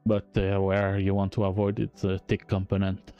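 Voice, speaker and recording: A man with a French accent talks slowly through game code on a live stream, halting and correcting himself with small chuckles. His voice is low, mellow and gravelly. The audio sounds dull and lo-fi, with faint music underneath. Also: completely flat delivery. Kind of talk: live-stream coding explanation.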